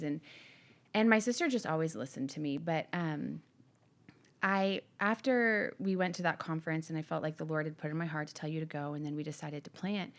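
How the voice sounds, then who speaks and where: Speaking a little fast in a deep voice, this middle-aged woman talks openly and animatedly with her pastor husband as co-host of their podcast. Their conversation is casual, and she laughs readily.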